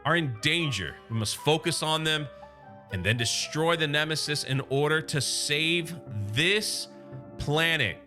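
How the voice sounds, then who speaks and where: A level-headed robot leader who keeps his cool and speaks in measured phrases, played by a man recapping a comic. The voice is bright and forceful, and light music plays behind. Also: fairly high pitch. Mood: calm. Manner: measured, calm. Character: calm, steady male robot leader.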